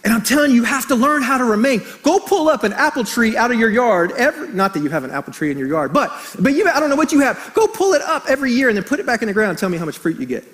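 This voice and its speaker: A middle-aged pastor preaches a sermon in a very high voice, racing along with hardly any pauses. He's animated and tells stories, joking with the congregation.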